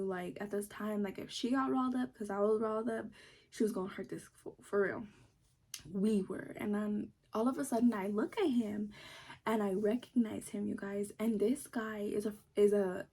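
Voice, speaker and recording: A woman in her twenties with a husky, mellow voice tells a storytime to her viewers. She talks casually and animatedly, swears freely and acts out what people said. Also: medium pitch. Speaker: vlogger.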